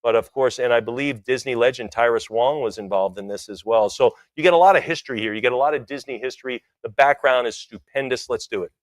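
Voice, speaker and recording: A man working as an auctioneer, chanting bids in quick rhythmic runs and tossing in joking asides. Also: mid-range voice, dry recording. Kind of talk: live auction calling.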